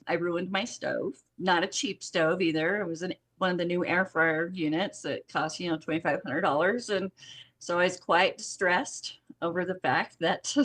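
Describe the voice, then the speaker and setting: Middle-aged woman chatting on a podcast, lowish voice, tells long stories with little laughs. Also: fairly bright tone. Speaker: guest, jelly company owner. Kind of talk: casual podcast conversation.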